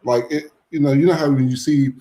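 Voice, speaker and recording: A man hosting a podcast in relaxed, chatty casual talk, leading into breaks. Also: mid-range voice, fairly quick. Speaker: podcast host.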